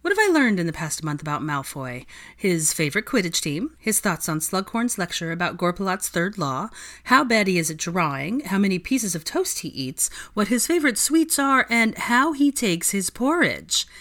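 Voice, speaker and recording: A woman's voice: mid-range voice, big pitch swings, moderate pace, fairly bright tone, pitched above the performer's own voice. A woman voicing a nosy, playful young female student who teases her friend. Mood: teasing. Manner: pushy, playful teasing.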